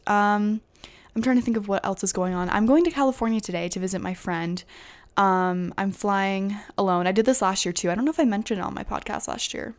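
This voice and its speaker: A young woman chats through a story on her own podcast in a loose, rambling way. She leans on "like" constantly and laughs self-consciously. Her voice sits at an ordinary middle pitch. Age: young adult. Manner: chatty, full of "like" fillers, self-conscious laughs. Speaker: podcast host. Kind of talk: casual solo storytelling.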